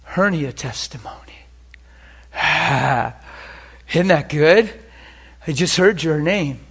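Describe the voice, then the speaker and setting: A man preaching and telling healing stories, swinging between hushed and loud. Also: a little high, animated, extremely slow, slightly rough. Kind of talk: sermon with healing testimony.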